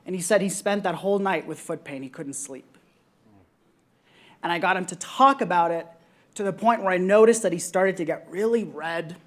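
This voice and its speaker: A woman's voice: on the low side, normal speed. Earnest young woman telling a personal story. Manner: earnest, reflective, with frequent ums. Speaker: panelist.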